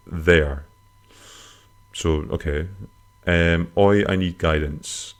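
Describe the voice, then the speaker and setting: Low-voiced bloke, comic podcast host, rambling and crude, jumps into squeaky bits for jokes. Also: male voice, extremely slow. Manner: rambling, crude, self-mocking humor with sudden high-pitched jokey swings. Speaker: podcast host answering listener questions. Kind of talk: casual comic podcast monologue.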